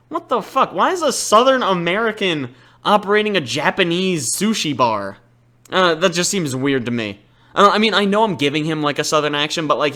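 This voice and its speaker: A man's voice: a little high, expressive, brisk, bright, forceful tone. A man giving casual, sarcastic commentary over a game, rambling and swearing freely. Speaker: let's play host.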